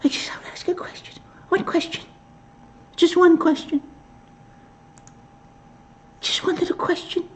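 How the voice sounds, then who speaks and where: A man mocking a fawning male press reporter in a high, timid, pleading falsetto. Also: flat delivery, unhurried, pauses often, whispered.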